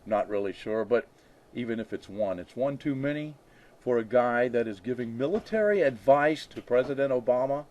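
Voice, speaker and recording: Man, talk radio rant, sarcastic, mocking, very animated pitch. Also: fairly quick.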